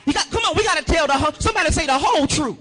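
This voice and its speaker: A male pastor preaching a sermon, calling for a witness and swinging into shouted, sung phrases. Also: very high-pitched, expressive, rapid-fire, faint music behind.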